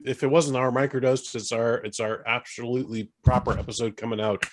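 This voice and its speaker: A man's voice: mid-range voice, steady tone, fairly quick, no echo. A man in his forties co-hosting a podcast, rambling in casual chat and swearing now and then. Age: 40s. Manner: rambling, swearing, self-interrupting. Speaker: podcast co-host.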